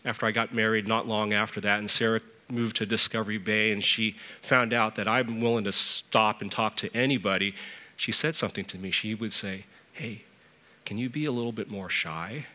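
Middle-aged male church elder, sermon delivery, bright tone, storytelling with emphatic pitch rises. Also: little pitch movement, brisk, long reverb tail.

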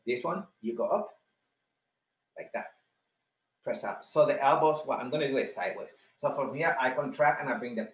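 Leading a live online workout, a man calls out repetition counts, reminds people when to breathe, and cheers students on by name. His mid-range voice has a fairly bright tone, and the sound is roomy.

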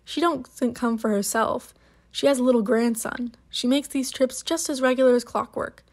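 A woman reads the part of an impatient clinic nurse in a storybook. Her questions come brisk and pressing, pitched on the high side. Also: fairly even intonation, darkish tone, lightly acted.

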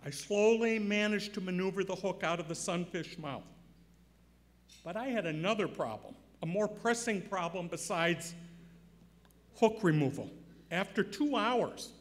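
An older man giving an award acceptance speech, telling a story and building to loud emphatic points. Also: sits high, animated, a little slow. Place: large banquet hall. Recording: reverberant hall.

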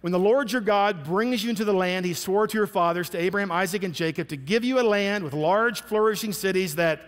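A male pastor preaching a sermon, emphatic and animated, acting out the people in his stories. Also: high-pitched, a little fast, long reverb tail. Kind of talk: sermon with storytelling.

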